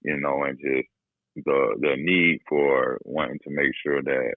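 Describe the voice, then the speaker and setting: A man's voice: rumbling low, steady tone, a little slow, no room sound, phone-quality sound. A man in his thirties from Florida with a Florida accent, talking as a guest in an easygoing, slangy way. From Jacksonville, Florida. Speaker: guest barber. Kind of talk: casual podcast chat.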